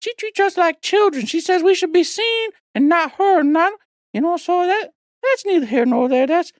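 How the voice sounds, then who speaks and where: A man's voice: extremely high pitch, expressive, moderate pace, dry recording, pitched above the performer's own voice. A man putting on the voice of a chatty, grumbling male Christmas elf who rambles in a folksy, pleading way during a comic podcast bit. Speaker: podcast host.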